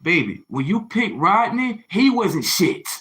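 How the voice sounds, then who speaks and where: A man's voice: high voice, big pitch swings, unhurried, a bit bright. A man hosting a livestream, delivering a confrontational, preachy monologue full of rhetorical questions, slang and swearing. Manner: slangy, swearing, repeats phrases for emphasis. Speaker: livestream host.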